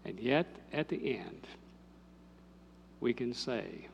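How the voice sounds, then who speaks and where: An older man, a pastor telling a story in a sermon, moving from lively telling to hushed, intimate speech. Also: medium pitch, slow pace, creaky, muffled recording, slight background noise.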